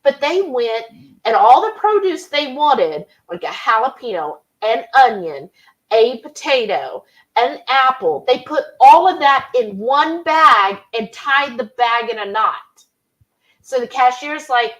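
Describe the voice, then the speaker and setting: Woman, live-stream cooking host, chatty and rambling, fairly high voice with lots of lilt. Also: very animated, measured pace, a bit bright, poor audio. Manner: chatty, rambling, reads chat comments aloud. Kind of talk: casual live-stream chat.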